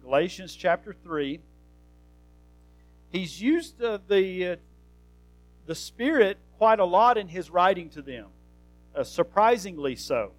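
A man with a notably high voice preaches a sermon in an earnest, conversational way, pausing on fillers and rising into emphatic questions. Faint guitar music plays softly behind him. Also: sing-song, rough recording.

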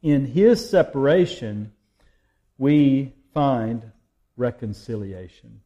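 A man preaching a sermon in a church service, slow and measured with emphatic pauses. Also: medium pitch, expressive, dark tone, highs cut off. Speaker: pastor. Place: church sanctuary.

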